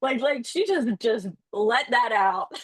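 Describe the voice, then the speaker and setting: A woman's voice: on the high side, animated, slow pace, husky, dry recording. Chatty young woman leading a class discussion. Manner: chatty, laughs often, addresses the group as guys. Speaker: student leading a book discussion.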